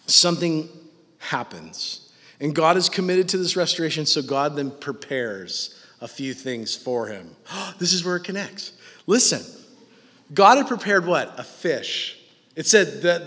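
A man preaching a sermon as pastor, animated and casual, acting out the voices he quotes. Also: fairly high pitch. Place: church hall with live audience. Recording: long hall reverb.

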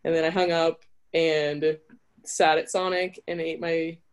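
A woman's voice: low voice, flat delivery, unhurried, clean tone. A young adult woman, an interview guest and college volleyball player, telling her story in a chatty, casual way that is full of "like". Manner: chatty, with frequent filler "like".

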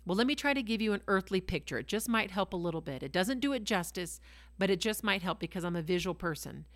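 A woman's voice: mid-range voice, expressive, fast talker, no room sound. A woman reading scripture aloud and teaching on it in a devotional podcast, enthusiastic, exclaiming and asking her listeners rhetorical questions. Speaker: Bible teacher and podcast host.

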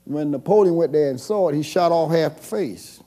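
A man preaching a sermon as pastor, moving between hushed passages and shouted calls. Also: a little high, normal speed. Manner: call-and-response preaching, swings from soft to shouting.

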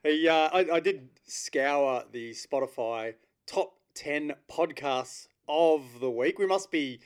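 A man's voice: fairly high pitch, takes it slowly, smooth. A man co-hosting a casual comedy podcast, laughing often. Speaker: podcast co-host.

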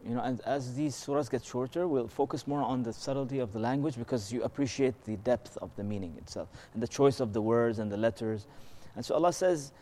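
A man with a mid-range voice teaches a relaxed scripture lesson, explaining in an easygoing way. He often asks rhetorical questions, checks in with a brief "okay?" and drifts into melodic Arabic recitation of verses.

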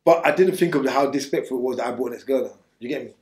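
A man's voice: mid-range voice, rapid-fire, a little mellow, roomy sound. A man telling his story bluntly in street slang during an interview, rambling and restarting as he goes. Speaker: interview guest.

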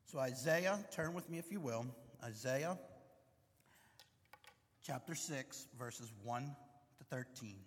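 A man's voice: mid-range voice, expressive, takes it slowly, long pauses. A pastor preaching a sermon to his congregation, mixing light joking asides with earnest teaching. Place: church sanctuary. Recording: long reverb in a church hall.

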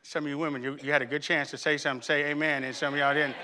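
High, very bright animated preacher man. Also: rapid-fire. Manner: animated, playful, comic storytelling with sudden loud outbursts. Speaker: pastor. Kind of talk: comic sermon.

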